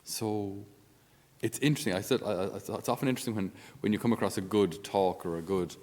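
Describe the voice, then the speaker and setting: A man's voice: fairly low pitch, steady tone, fairly quick, a little mellow, long reverb tail. A male Catholic priest giving an informal spiritual talk on his podcast in a conversational, down-to-earth way with self-deprecating humor.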